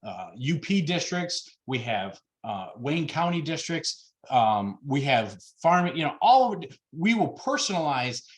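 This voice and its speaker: Emphatic man pitching on a video call. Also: very animated, measured pace, hardly any pauses. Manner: emphatic, gets worked up, many fillers. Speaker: party officer candidate presenting plans.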